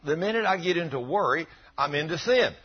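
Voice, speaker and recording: A man's voice: on the high side, animated, brisk, breathy edge. A middle-aged male pastor preaching in a folksy, earnest, conversational way and quoting scripture, in a dull lo-fi recording. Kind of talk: conversational sermon.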